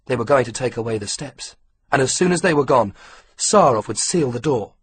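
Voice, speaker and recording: A man narrating an audiobook in a steady, measured storytelling manner. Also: mid-range voice, slight background noise. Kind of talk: scripted narration.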